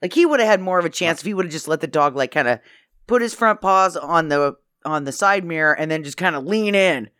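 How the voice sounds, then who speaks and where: A woman's voice: fairly low pitch, animated, brisk, a bit bright, dry recording, clean studio sound. A woman co-hosting a casual movie podcast, telling rambling, playful asides. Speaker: podcast co-host. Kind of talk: casual movie-review chat.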